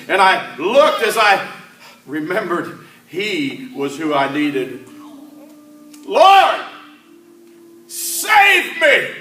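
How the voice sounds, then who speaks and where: A man's voice: medium pitch, background noise. A man playing Peter, impulsive old fisherman. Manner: emphatic, swings between loud cries and hushed asides. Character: the apostle Peter, a rough, impulsive fisherman telling his story. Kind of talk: dramatic first-person church monologue. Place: church sanctuary. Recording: echoey church hall, mic at a distance.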